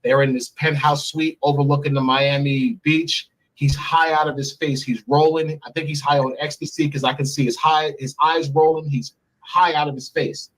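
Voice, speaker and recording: A man's voice: fairly high pitch, little pitch movement, normal speed, a bit bright, poor audio. A man as an interview guest, bluntly and profanely telling a personal story. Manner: blunt and profane, speaks freely.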